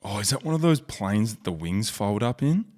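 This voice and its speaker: Deep-voiced joking Australian man. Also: lively intonation, moderate pace, a little mellow. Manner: joking, rambling, self-mocking. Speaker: YouTube host. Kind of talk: casual screen-share commentary.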